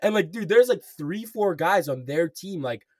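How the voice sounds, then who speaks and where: A young man's high-pitched, darkish, expressive voice carries a story in casual podcast chat, where he co-hosts. Moderately paced, he swears a lot and fills with "like" and "bro"; the audio is clean studio sound, echo-free, recorded from a distance.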